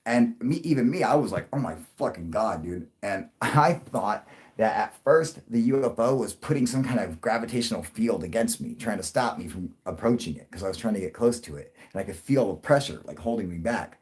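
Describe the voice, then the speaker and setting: A young man telling a long story to his livestream viewers, rambling and swearing, with many restarts and sudden loud bursts. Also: expressive, fairly quick. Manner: rambling, profane, restarts a lot, jumps into loud high bursts for quoted voices. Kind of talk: casual storytelling to a live audience.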